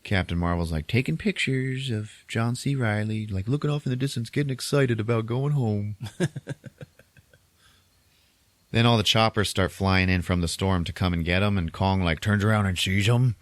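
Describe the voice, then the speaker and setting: A podcast host recaps a movie for his co-hosts, chatty and loose, laughing often and acting out quotes. His very low, deep voice moves at a moderate pace, recorded dry and close with no room sound.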